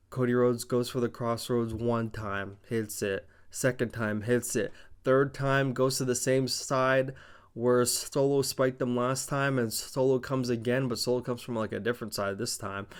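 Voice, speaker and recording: A young man casually recapping a wrestling show, rambling, excited and profane. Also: mid-range voice, unhurried, smooth. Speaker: wrestling reviewer.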